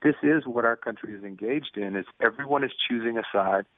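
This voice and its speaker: A man's voice: medium pitch, a little fast, dry recording. Earnest man in his fifties on a phone line. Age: 50s. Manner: earnest storyteller, acts out dialogue. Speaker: guest, prison ministry speaker. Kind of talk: conversational interview over the phone.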